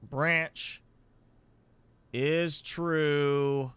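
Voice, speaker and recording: A man talks through a live game stream at an unhurried pace, working things out aloud, stopping and correcting himself as he goes. His voice is smooth and clear, recorded close and dry at a home desk microphone. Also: on the high side, fairly even intonation, a bit bright, no room sound. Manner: thinking aloud, halting and self-correcting. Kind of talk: live gameplay commentary.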